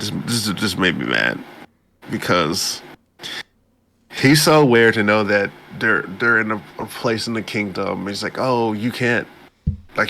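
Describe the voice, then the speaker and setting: A man co-hosting a podcast, casually retelling an anime episode and jumping into high-pitched voices for the characters. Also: creaky, sharp tone, a little hiss or hum. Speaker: podcast co-host. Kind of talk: casual anime recap chat.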